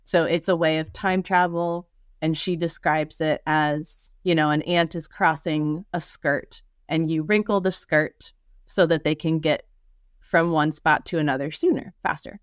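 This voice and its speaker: A thoughtful woman in her thirties, talking earnestly as a podcast guest and now and then reading passages from her own book. Her voice sits a little low, and it sounds dry and close, with no room around it. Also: steady tone, a little slow, clear, resonant tone, no room sound. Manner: reflective, earnest, with frequent fillers and restarts. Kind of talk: conversational interview and reading aloud from her book.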